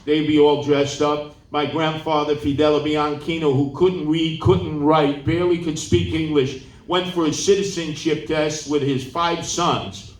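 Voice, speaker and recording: A man tells animated stories at a campaign town hall and slips into the voices of the people he quotes. His voice sits a little high for a man. It reaches the recording from a distance, ringing around a large, echoey room. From New York City. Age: 70s. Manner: animated storyteller who acts out quoted people. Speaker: political candidate at a town hall. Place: large indoor meeting room. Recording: roomy hall, voice off-mic.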